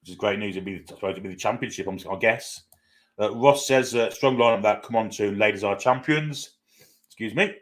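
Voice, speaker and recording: A man's voice: medium pitch, a bit bright. A man hosting a live football watchalong, casually reading out and answering viewer comments with frequent fillers. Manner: chatty, reads out viewer comments and greets them one by one; casual, with frequent "uh" and self-corrections. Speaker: host of a football fan channel.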